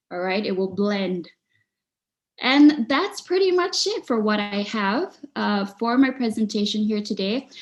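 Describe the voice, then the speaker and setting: A woman presenting in a webinar, speaking over a video call. She coaches her audience step by step and keeps checking in with "okay?" and "all right?". Her voice sits at a middling pitch. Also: darkish tone. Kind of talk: online presentation.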